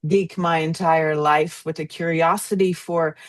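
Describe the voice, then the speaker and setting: A woman's voice: low-pitched, fairly even intonation, a little slow. Upbeat woman from New York. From New York, of Puerto Rican roots. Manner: warm, upbeat storytelling. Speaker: guest. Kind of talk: casual interview.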